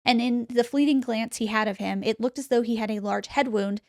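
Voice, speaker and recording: A woman with a slightly high voice tells an eerie story as a podcast host, lively and chatty, jumping into the quotes she retells. Her voice sits close to the mic with a dry, dead sound. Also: a little fast, dry recording. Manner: animated retelling, acts out quotes.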